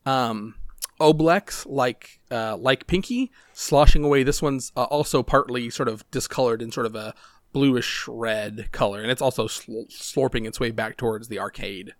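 A man narrating as game master in a tabletop game, rambling and relaxed with many fillers. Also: medium pitch, normal speed, dry recording, studio quality.

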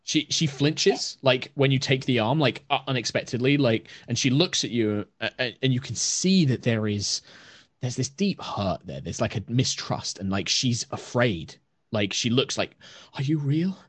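A man narrating as game master of a tabletop game, halting and full of fillers. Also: mid-range voice, slightly rough, no echo.

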